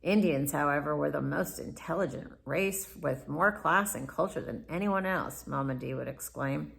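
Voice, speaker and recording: Woman, memoir narrator, low-pitched, heavy vocal fry, reflective, candid. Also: moderate pace, hardly any pauses. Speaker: memoir author. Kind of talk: first-person memoir narration.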